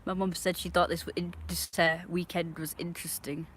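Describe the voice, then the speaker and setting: A woman's voice: on the low side, level tone, fairly quick, slight background noise. A woman chatting casually on a live stream, talking to her viewers and scolding her dog.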